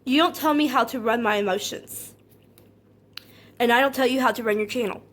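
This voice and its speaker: A woman content creator talking straight to her viewers in a personal monologue, earnest and hurt, calm but anxious, often repeating herself. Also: a little high. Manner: calm and measured, not loud.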